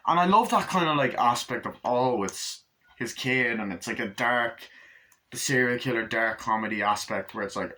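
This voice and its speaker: A man's voice: medium pitch, brisk, sharp tone. A man casually reviewing a horror comedy film in a rambling, profane way, acting out scenes. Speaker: movie reviewer. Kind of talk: casual movie review vlog.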